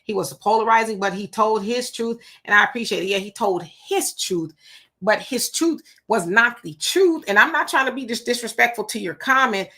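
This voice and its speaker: A woman's voice: on the high side, fairly quick, few pauses, pushed and bright. A woman hosting a livestream, greeting commenters by name and reacting casually to their messages. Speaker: livestream host reading chat comments. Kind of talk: casual live-chat commentary.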